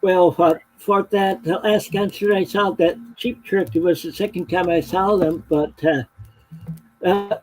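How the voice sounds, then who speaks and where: A man's voice: high-pitched, steady tone, moderate pace, few pauses, a little mellow, low-quality recording. A man chatting casually on a video call, hesitant, with many fillers and self-corrections.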